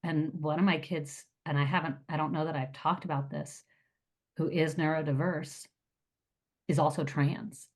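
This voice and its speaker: A middle-aged woman with a low-pitched voice talks in a casual group discussion. She speaks earnestly and with emotion, pausing and restarting as she works through hard thoughts. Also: fairly even intonation. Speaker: podcast co-host.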